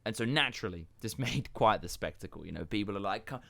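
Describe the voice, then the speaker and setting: A man's voice: fairly low pitch, animated, quick pace, creaky, pushed and bright. A man co-hosting a podcast, telling a funny story with enthusiasm. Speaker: podcast co-host. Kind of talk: casual storytelling.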